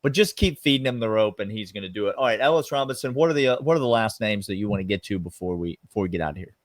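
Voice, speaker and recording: A man, co-hosting a casual sports podcast in an emphatic, animated way. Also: on the low side, very fast, no echo. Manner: emphatic, animated, drawls "y'all". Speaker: podcast co-host.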